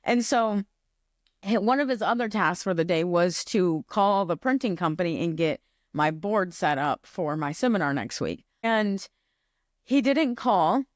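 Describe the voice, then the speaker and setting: A woman's voice: fairly low pitch, animated, measured pace, no room sound, clean studio sound. A woman co-hosting a podcast, telling a personal story in a casual, reflective way. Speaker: podcast co-host. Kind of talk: casual chat.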